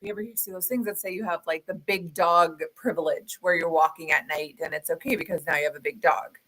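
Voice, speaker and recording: A woman co-hosting a podcast from her home office, chatting casually and telling animated stories. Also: lowish voice, a little fast, dry recording. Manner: chatty, animated storytelling about her dog. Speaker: podcast co-host. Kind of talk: casual chat. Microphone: desk microphone on a video call.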